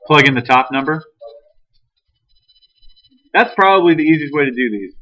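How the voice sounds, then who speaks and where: A man's voice: fairly high pitch, animated, moderate pace, bright, forceful tone. A male math teacher leading a classroom lesson, talking casually and teasing his students. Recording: dull lo-fi classroom recording.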